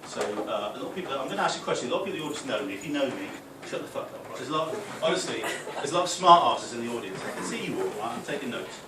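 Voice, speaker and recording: A man's voice: mid-range voice, big pitch swings, rapid-fire, hardly any pauses, roomy sound. Young man from Newcastle with a faint Geordie accent, doing stand-up and ribbing the crowd; picked up from far back in a noisy club room. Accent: mild Geordie, mostly softened. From Newcastle, England. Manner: chatty, crowd-teasing, sweary, says "right?" a lot. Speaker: stand-up comedian. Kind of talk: stand-up comedy. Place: small club function room with audience.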